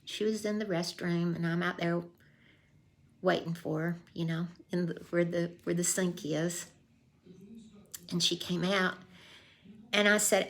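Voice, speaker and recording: Gravelly folksy woman telling a story. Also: fairly low pitch, steady tone, normal speed. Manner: folksy, acts out quoted voices. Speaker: vlogger. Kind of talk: casual storytelling.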